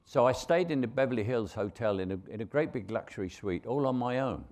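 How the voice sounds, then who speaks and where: An older man with a London Cockney accent, a veteran actor telling anecdotes on stage as a relaxed raconteur. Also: mid-range voice, a little fast. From England. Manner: relaxed raconteur, frequent restarts and chuckles.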